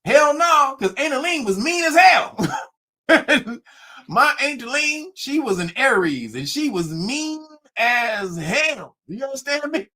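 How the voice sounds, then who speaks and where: A man's voice: very high voice, slow. A middle-aged man hosting, telling a family story to viewers casually, swearing and laughing a lot. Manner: animated, swearing, laughing often. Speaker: host.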